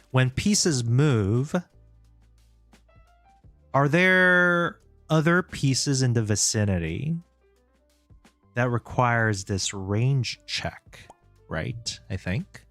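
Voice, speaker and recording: Man, indie game dev live stream, slow easygoing talk, dry close mic, faint chill music behind. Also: medium pitch, dry recording. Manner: thinks aloud, chats with viewers, chuckles often. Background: soft background music.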